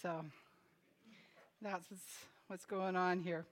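A woman's voice: on the low side, little pitch movement, slow pace, slight background noise. A woman preaching a sermon in a chatty manner, laughing between her remarks. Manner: chatty, laughs often, tells jokes. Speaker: pastor.

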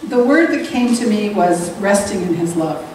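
A woman's voice: lively intonation, moderate pace, a little mellow. Woman preaching in an echoey hall. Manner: earnest, rises high on emphasis, reflective. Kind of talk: sermon. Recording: roomy echo, distant mic, faint hiss.

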